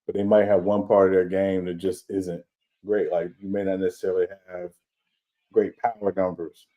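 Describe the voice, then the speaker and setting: A man co-hosting a sports podcast, explaining baseball in a measured, casual way. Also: sits low, flat delivery, lo-fi sound. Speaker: podcast co-host.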